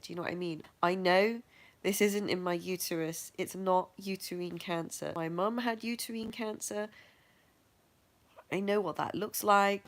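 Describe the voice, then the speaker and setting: A middle-aged woman with a fairly low voice tells her own story in a frank, matter-of-fact way. She keeps laughing at herself as she goes. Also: fairly even intonation, normal speed. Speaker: vlogger sharing her health journey. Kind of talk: candid personal storytelling.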